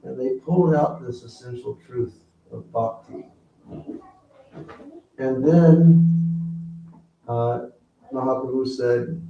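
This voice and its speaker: A man gives a sermon in a slow, mellow voice, pausing between phrases as he quotes scripture. He is heard from a distance in a roomy hall. The recording sounds dull and lo-fi with a faint hiss. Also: medium pitch, vocal fry. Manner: slow, gentle, pausing often, quoting scripture. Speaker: guru giving a spiritual talk. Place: hall during an evening program.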